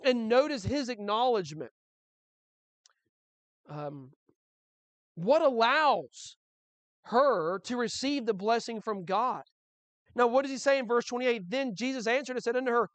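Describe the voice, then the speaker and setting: A man's voice: very high voice, animated, a little slow, pauses often, a bit bright, dry recording. A male pastor preaching a sermon in a conversational way, with frequent restarts and rhetorical questions.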